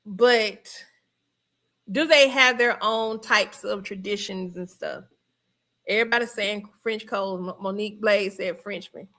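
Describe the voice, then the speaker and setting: Bright chatty Southern woman streamer. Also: medium pitch, a little slow. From Georgia, US. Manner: chatty, laughs often, reads viewer comments aloud. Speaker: livestream host. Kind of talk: casual livestream chat.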